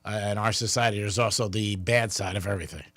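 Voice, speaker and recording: A man with a fairly low, fairly bright voice talks fast with fairly even intonation, recorded dry on a studio microphone. He hosts a radio show from a studio, easygoing as he chats casually with co-hosts, runs a call-in contest and reads out phone numbers in typical talk radio banter.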